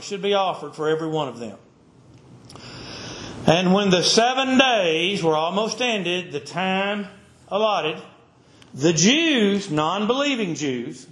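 A man with a high voice preaches a sermon, driving his points home in repeated, emphatic phrases. His voice rings out in an echoey room. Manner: emphatic, repetitive preaching cadence.

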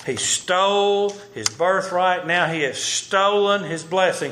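Male preacher, slightly high voice, sermon mixing scripture reading with commentary. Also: lively intonation, takes it slowly, few pauses, sharp tone, a little hiss or hum. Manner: reads old scripture aloud and stops to comment on it. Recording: roomy echo.

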